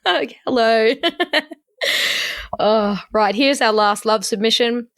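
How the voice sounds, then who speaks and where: A woman hosting a casual podcast chat, laughing often and telling stories with animated energy. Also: fairly high pitch, takes it slowly. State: sober. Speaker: podcast host.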